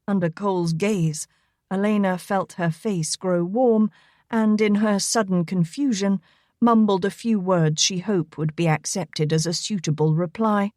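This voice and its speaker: A woman narrating a romance novel in a steady, even storytelling read. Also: mid-range voice, unhurried, dry recording, studio quality. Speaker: audiobook narrator.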